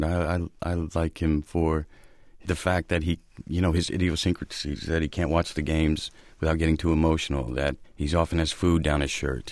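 A man's voice: extremely low pitch, a little mellow, no room sound, studio quality. A male actor being interviewed, thoughtful and hesitant, with frequent ums. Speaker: actor guest. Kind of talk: interview talk.

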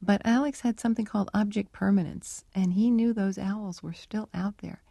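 As a guest on a radio interview, a middle-aged animal researcher speaks at a moderate pace in a warm, medium-pitched voice with vocal fry. She thoughtfully recounts anecdotes and performs remembered dialogue, captured in a dry recording.

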